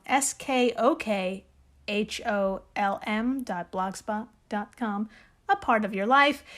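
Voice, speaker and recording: A woman co-hosting a podcast in casual chat. She is excitable, swears freely and laughs often. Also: a little high. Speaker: podcast co-host.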